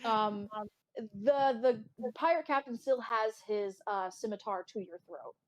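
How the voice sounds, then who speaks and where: A woman's voice: a little high, measured pace. A woman narrating a tabletop game as game master, in a chatty, casual way.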